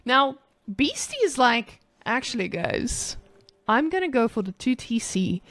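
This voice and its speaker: A woman's voice: high-pitched, very animated, unhurried, a bit bright, no room sound, full character voice. A woman putting on a South African guy's accent while playfully casting a live strategy game, with jokey, mock-hyped cheering. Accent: put-on South African. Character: brash South African guy game caster. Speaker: esports caster.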